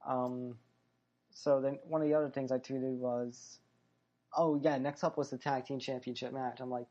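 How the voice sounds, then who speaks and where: A man's voice: medium pitch, steady tone, normal speed, mellow, highs cut off. A man hosting a podcast, chatting casually through a fight recap in a rambling way, full of fillers and self-corrections. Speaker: podcast host. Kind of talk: solo wrestling and fight recap chat.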